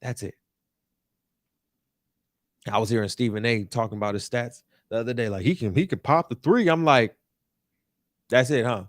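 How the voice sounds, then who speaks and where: A man's voice: mid-range voice, normal speed, long pauses, no echo, studio quality. A young man hosting a sports talk show, ranting in an emphatic, repetitive, exasperated way. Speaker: podcast host. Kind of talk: animated sports talk rant. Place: New York.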